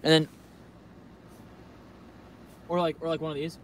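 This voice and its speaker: A man's voice: fairly high pitch, level tone, a little slow, a bit bright, slight background noise. A young man vlogging in a casual, joking, rambling way who swears freely. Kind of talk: casual rambling vlog commentary.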